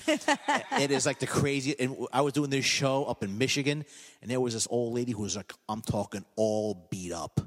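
A man, a hypnotist guest on a comedy podcast, telling stories in a casual, animated way and laughing at his own jokes. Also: mid-range voice, normal speed, in a large hall.

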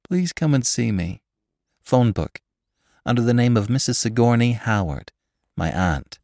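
A man voicing a cool, offhand young woman who speaks in a hushed way. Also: mid-range voice, lively intonation, unhurried, gravelly, dry recording, studio quality.

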